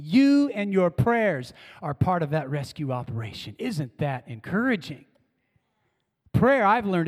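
A male pastor preaching a sermon in a church, trading calls and responses with the congregation and swinging from emphatic lines to hushed ones. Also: sits high, sing-song, measured pace. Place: church sanctuary. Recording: long church-hall reverb.

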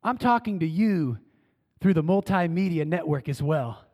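A man preaches with a bright, high-pitched voice, leading his congregation in call-and-response. He moves between strong, emphatic lines and soft, hushed phrases. His voice rings out in a church with a long, lingering reverb. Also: expressive, moderate pace. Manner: dynamic, swinging from emphatic calls to hushed words. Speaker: pastor. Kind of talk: sermon. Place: church sanctuary.

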